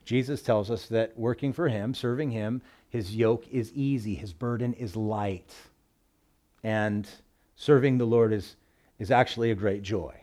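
A man preaching a sermon in a relaxed, conversational way, talking the text through with everyday examples. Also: on the low side, a little slow. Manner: relaxed, folksy, speaks with everyday work analogies. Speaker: pastor.

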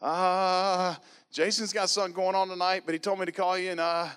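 A man's voice: sits high, flat delivery, brisk, fairly bright tone, smooth, big-room sound, pitched above the performer's own voice. A man voicing a nervous young male college freshman who stammers and giggles awkwardly.

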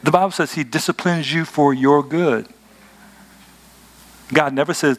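A man delivers a sermon in a notably high voice. He preaches emphatically, shifting between firm declarations and conversational asides to his congregation. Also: a little slow. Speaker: pastor.

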